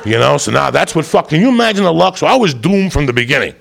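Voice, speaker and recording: A man's voice: on the high side, very animated, quick pace, fairly bright tone. A man telling a rambling, profane comic story, often laughing as he goes. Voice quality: gravelly.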